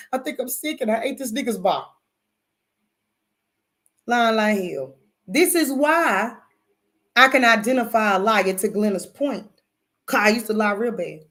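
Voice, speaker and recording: A woman host telling a story in casual, animated talk, calling her listeners y'all and swearing freely. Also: mid-range voice. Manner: animated, profane, addresses audience as y'all.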